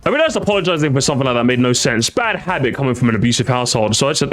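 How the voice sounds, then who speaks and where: A man's voice: mid-range voice, lively intonation, very fast, few pauses, fairly bright tone, soft background music. A young man doing casual stream reaction commentary, sarcastic and mocking, often restarting his sentences.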